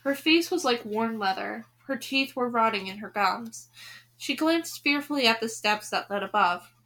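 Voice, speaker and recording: Expressive woman reading a storybook aloud. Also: fairly high pitch, moderate pace. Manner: expressive, speaks directly to the listener. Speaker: podcast host reading a children's novel.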